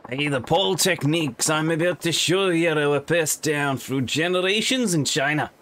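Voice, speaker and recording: A stern, proud pole-fighting master who speaks in a theatrical, overdone Scottish accent, as a man puts him on. The voice sits slightly on the high side. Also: moderate pace, a bit bright, slight background noise, close to an everyday voice. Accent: put-on Scottish. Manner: theatrical, over-the-top mock accent.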